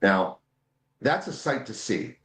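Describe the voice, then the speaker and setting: A man's voice: lowish voice, sing-song, slow, fairly bright tone, roomy sound, a little hiss or hum. A man speaking as a guest in a political interview, impassioned, repeating words when he gets heated. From United States. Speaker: guest, voting rights advocate.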